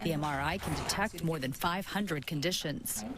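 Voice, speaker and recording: A woman anchor reads a scripted television news report. Her voice sits a little low, and her delivery is even and clear. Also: normal speed.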